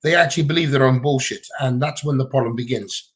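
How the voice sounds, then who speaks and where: A man's voice: medium pitch, fast, breathy edge. A man with a Gibraltarian accent, chatting bluntly and casually on a livestream Q&A from home, swearing freely. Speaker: livestream co-host.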